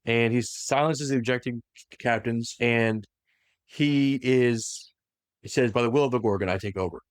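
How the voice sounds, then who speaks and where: A man in an easy, animated podcast chat, walking a co-host through a story and dropping into quick impressions of the characters. His voice sits in a middle range, and the recording is dry and close with no room sound. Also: mid-range voice, clear, resonant tone, dry recording. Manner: animated retelling that slips into quick voiced quotes. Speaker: podcast host recapping lore. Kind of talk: casual lore recap chat.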